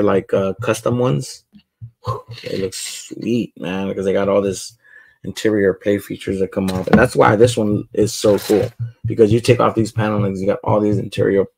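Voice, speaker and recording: Gravelly laid-back man hosting a livestream. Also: lowish voice, darkish tone, dry recording. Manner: laid-back, chatty, talks to viewers. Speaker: livestream host. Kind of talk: casual livestream chat while building.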